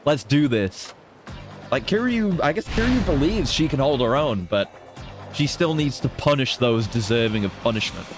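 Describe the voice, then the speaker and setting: A man's voice: mid-range voice, normal speed, over music. A man giving casual, joking commentary while he streams himself playing a video game. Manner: excitable, joking. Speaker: gaming streamer. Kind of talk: casual let's play commentary.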